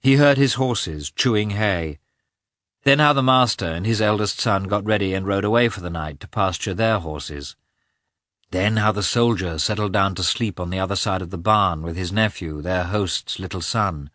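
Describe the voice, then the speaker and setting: A man narrating a novel in a measured, expressive reading, recorded close to the mic. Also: low voice, no room sound. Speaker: audiobook narrator. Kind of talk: scripted narration.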